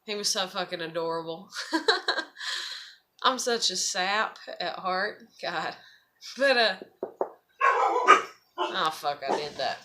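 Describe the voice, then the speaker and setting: A woman's voice: mid-range voice, expressive, slow, pauses often, pushed and bright. A young woman chatting in a loose, rambling vlog, swearing constantly. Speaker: vlogger. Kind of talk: rambling casual vlog chat.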